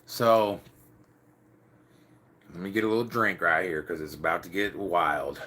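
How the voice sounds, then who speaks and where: A man's voice: deep voice, measured pace, bright, forceful tone. A young man telling stories casually to camera in a loose, slangy, swearing way, acting out the quotes.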